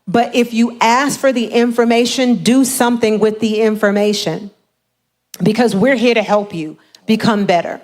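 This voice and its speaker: A woman giving a lively motivational seminar talk on home buying, often acting out the voices of the people she quotes. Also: a little high, normal speed.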